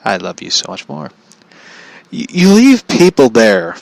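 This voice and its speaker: A man's voice: mid-range voice, wildly swooping pitch, unhurried, vocal fry, no room sound, poor audio. Dude venting on his vlog, cusses a lot, laughs at himself, mid voice, dead dry sound. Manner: blunt, profane, laughs often. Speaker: vlogger. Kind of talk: casual ranting commentary.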